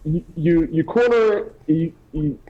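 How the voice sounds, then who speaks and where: A man's voice: fairly high pitch, slow, heavy background noise. A man co-hosting a casual podcast, arguing his side hesitantly and often repeating words. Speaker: podcast co-host. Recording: dull lo-fi sound.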